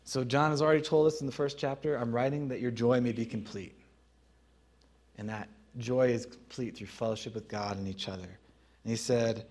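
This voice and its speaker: A man preaching a sermon as pastor, teaching in a conversational way with pauses. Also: medium pitch, darkish tone.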